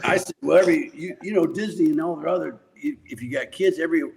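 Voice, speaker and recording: A man's voice: on the high side, fast talker, vocal fry, very noisy. An older man, a podcast guest, telling rambling, profane anecdotes in casual conversation and laughing often. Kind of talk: casual storytelling.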